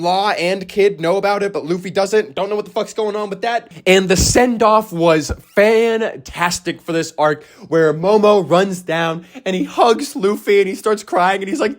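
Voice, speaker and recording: A man's voice: high voice, a little fast. A young man talking alone, gushing about a story he loves, with frequent swearing, stammered restarts and sudden squealing voice cracks. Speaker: anime and manga reaction host. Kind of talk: excited solo reaction talk.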